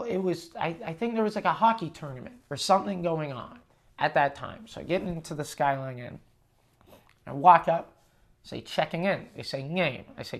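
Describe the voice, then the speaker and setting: A touring comedian hosts his own podcast, telling a story from the road in a casual style full of swearing. He quotes the people he spoke with along the way, switching between plain narration and animated snippets of dialogue, in a voice on the high side.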